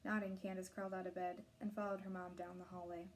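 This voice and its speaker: A woman reading a novel aloud, narrating in a steady, clear storytelling voice. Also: on the low side, fast. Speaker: reader of a novel.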